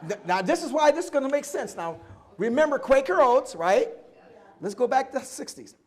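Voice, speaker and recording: A man in his seventies, a guest at a live oral history event, telling stories from his life in an animated way and acting out both sides of each conversation. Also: very high voice, fairly quick. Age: 70s. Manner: animated storyteller who acts out dialogue and laughs often.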